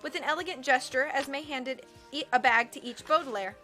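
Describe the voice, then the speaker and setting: A woman reading a novel aloud on a livestream, with expressive, wry storytelling. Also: sits high, normal speed, faint music behind. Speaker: audiobook reader.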